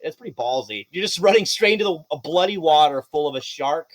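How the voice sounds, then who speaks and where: A man narrating a tabletop game as game master, his voice sitting a little high for a man. He tells the action with animated energy, swears freely and laughs between lines. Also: brisk.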